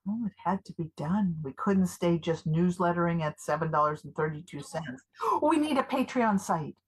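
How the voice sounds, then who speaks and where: A woman's voice: lowish voice, normal speed, breathy edge, low-quality recording. A woman performing live improv, playing an eager, jittery older activist who gushes over every idea and frets about being found. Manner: gushing, excitable, a little paranoid.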